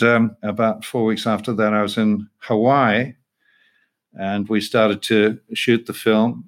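An older male actor telling rambling, self-deprecating stories as an interview guest, laughing often. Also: fairly low pitch. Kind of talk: casual interview anecdote.

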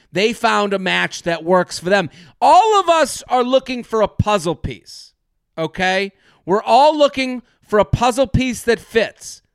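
Animated sarcastic man, high voice. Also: clear, resonant tone, no room sound, studio quality. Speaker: podcast host giving dating advice. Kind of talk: comedic advice podcast, reading listener emails.

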